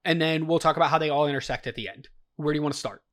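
A man hosting a podcast, walking his co-host through a movie's plot and teasing her gently. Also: on the high side, racing. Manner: leading, teasing, explains plot. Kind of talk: casual movie review chat.

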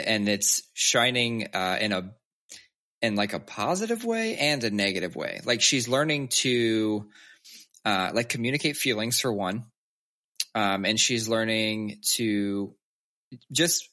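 A man's voice: lowish voice, pushed and bright. A man in his thirties chatting candidly about his kids, swearing freely and acting out their lines. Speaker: podcast co-host. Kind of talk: casual chat.

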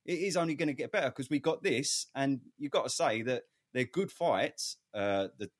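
A man's voice: medium pitch, moderate pace, husky, no echo, clean studio sound. A man hosting a boxing chat show, enthusiastic and hyping things up with some swearing. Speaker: podcast host. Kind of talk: casual chat.

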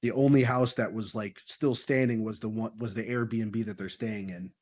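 A man's voice: on the low side, normal speed. Give me a casual man recapping a horror film, swearing freely. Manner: animated retelling with crude slang. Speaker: podcast host. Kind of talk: casual movie review chat.

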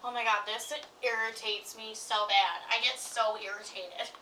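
Woman, podcast co-host, high voice, bright tone, animated storytelling, slightly distant mic. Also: moderate pace, slight background noise. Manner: animated, laughs often, acts out quoted voices. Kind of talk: casual chat, storytelling.

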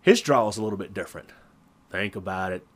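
A podcast co-host with a Southern Virginia drawl speaks quickly in a fairly low voice. Chatting casually, he tells rambling stories and chuckles often.

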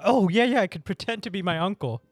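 A man's voice: lively intonation, fast talker, dry recording. A man with a slightly raised voice, tossing out goofy ideas in a joking podcast chat. Faint music runs underneath. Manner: playful, pitching silly schemes. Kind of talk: casual chat.

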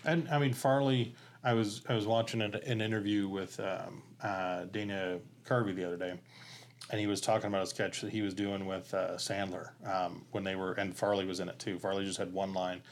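A man with a fairly low voice co-hosting a podcast, telling stories in a loose, conversational way. He retells comedy moments at length and drifts through fillers as he goes. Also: brisk, slight background noise. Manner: storytelling, animated when retelling sketches. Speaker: podcast co-host. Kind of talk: casual chat.

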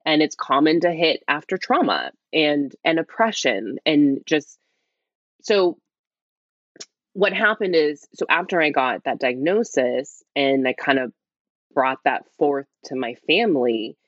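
Low, hushed woman telling her story. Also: expressive, a little slow, no room sound, dull audio. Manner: rambling, heavy use of "like", restarts. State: speaking quietly, half-whispering. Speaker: interview guest. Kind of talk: candid personal storytelling.

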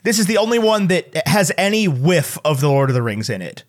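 A man's voice: a little high, big pitch swings, brisk. A man co-hosting a casual podcast, giving emphatic, enthusiastic movie verdicts. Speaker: podcast co-host, movie reviewer. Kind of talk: casual chat.

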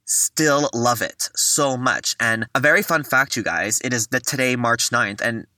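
Man, podcast host, excited and chatty, very bright tone, dry sound, a bit off-mic. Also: mid-range voice, unhurried, no room sound, recorded from a distance. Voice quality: enthusiastic, chatty, addresses listeners as "you guys". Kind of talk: casual music history chat.

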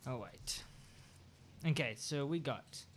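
A man's voice: mid-range voice, slow pace. A man hosting an improv party game, chatting and joking as he goes. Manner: chatty, jokey, rambling.

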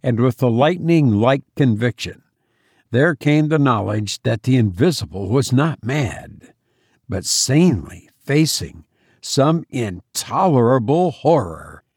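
Male audiobook narrator, measured storytelling, slow, dry close sound. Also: mid-range voice, expressive, darkish tone, husky, no room sound. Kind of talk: scripted narration.

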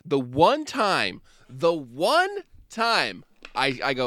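A man from the United States co-hosting a film podcast in casual chat, animated and jokey. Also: fairly high pitch, very slow, no echo, studio quality. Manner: animated, jokey, breaks into put-on voices and laughs. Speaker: podcast co-host.

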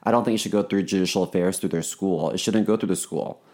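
A man with a slightly low voice co-hosting a podcast. He tells stories in a relaxed, hesitant way, full of fillers, and teases dryly. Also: fast. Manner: laid-back storyteller, dry teasing, hesitant fillers. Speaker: podcast co-host. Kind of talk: casual chat.

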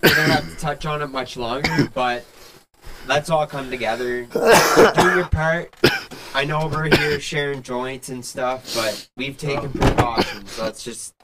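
An easygoing man chats with his friends in a plain, mid-pitched voice. Loud clicking noise runs behind him throughout. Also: fairly even intonation, unhurried. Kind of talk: casual chat among friends.

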